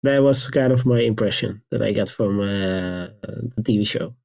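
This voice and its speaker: A man's voice: lowish voice, normal speed, gravelly. Hesitant male podcast interviewer. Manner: hesitant, many fillers. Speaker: podcast host.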